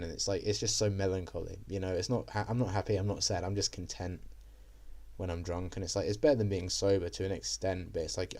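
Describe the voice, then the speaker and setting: A young man talks on in a rambling, self-deprecating way, with lots of fillers and restarts. His voice sits low and dark. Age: young adult. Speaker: vlogger. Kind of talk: casual monologue.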